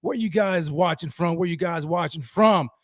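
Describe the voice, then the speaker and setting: An energetic man hosts a sports fan livestream, shouting out viewers with pumped-up enthusiasm. His voice sits high for a man. The sound is dry and close, with no room around it. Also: normal speed, no echo. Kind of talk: livestream roll call chat.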